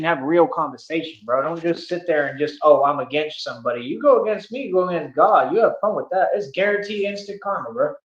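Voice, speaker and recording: Boastful man ranting on a stream. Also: a little high. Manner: boastful, taunting, slangy. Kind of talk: boastful livestream rant. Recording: echoey room, dull lo-fi stream audio.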